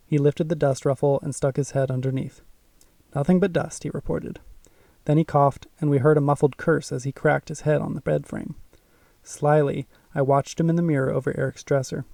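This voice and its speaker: Gravelly man narrating a spooky audiobook. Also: fairly high pitch, mellow, no echo, far from the mic. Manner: measured, suspenseful storytelling. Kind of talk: first-person audiobook narration.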